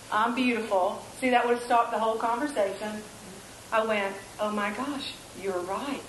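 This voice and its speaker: A woman's voice: sits high, reverberant, slight background noise, poor audio. A middle-aged woman giving a folksy, conversational sermon, often asking the audience questions. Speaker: preacher.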